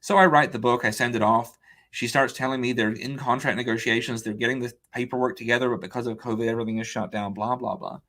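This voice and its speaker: Speaking fast at a medium pitch, a man who is an author and illustrator tells a long anecdote as a guest on an interview podcast. It's casual and animated storytelling, with him quoting and acting out others' words and saying "like" and "um" a lot.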